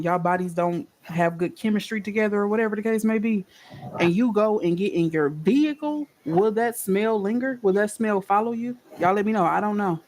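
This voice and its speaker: A woman's voice: mid-range voice, a little mellow. A woman reacting to a clip in casual chat, musing aloud and asking her viewers questions. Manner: chatty, musing, asks the viewers. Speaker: reaction vlogger.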